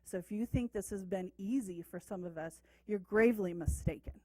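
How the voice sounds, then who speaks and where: A woman's voice: medium pitch, moderate pace, warm tone, no echo, rough recording. A middle-aged woman on a city council addresses the public from the dais. She speaks emphatically and insists on her points, often repeating them for force. Her voice comes through a desk microphone with a dry, close sound. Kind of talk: speech at a council meeting. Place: council chamber, seated at the dais.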